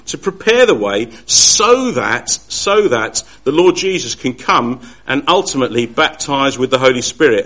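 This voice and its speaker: A man giving a Bible study talk, earnest and halting, often restarting his sentences. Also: on the high side, fairly bright tone. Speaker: Bible teacher.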